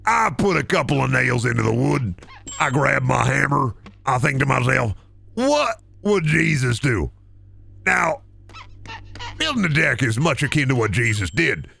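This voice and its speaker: A man voicing a boastful everyman deck-building contractor, rambling through a swaggering sales pitch in a comedic improvised bit. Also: vocal fry, bright, forceful tone, breathy edge, no echo, heavily acted.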